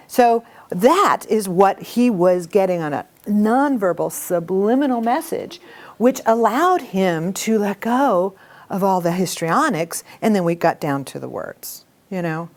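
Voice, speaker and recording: A middle-aged woman teaching a communication workshop to a live group, talking in a lively, animated way. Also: a little high, moderate pace. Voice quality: animated storytelling with acted quotes. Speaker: workshop instructor.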